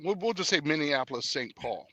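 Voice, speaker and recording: A man's voice: a little high, fairly quick, dry recording. A man as an interview guest in casual conversation, telling stories animatedly, acting out dialogue and hesitating with fillers. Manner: animated storyteller, acts out dialogue.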